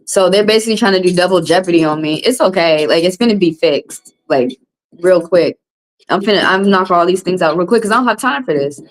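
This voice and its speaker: A woman's voice: a little fast, rough recording. Give me a blunt, profane woman hosting a tarot livestream, venting to her viewers. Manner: blunt and profane, vents with rising pitch. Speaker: tarot reader and live stream host. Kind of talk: casual live-stream rant to viewers.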